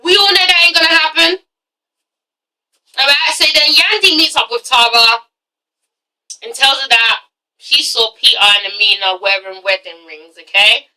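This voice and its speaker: A woman's voice: high-pitched, normal speed, long pauses, bright, forceful tone, recorded from a distance, poor audio. A young woman reviewing a TV show, blunt and profane with exasperated asides. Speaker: TV review vlogger. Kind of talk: casual ranting review.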